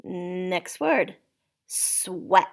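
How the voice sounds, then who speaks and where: A woman's voice: lowish voice, animated, extremely slow, creaky. A woman teaching a spelling lesson, patiently sounding out words letter by letter for a child.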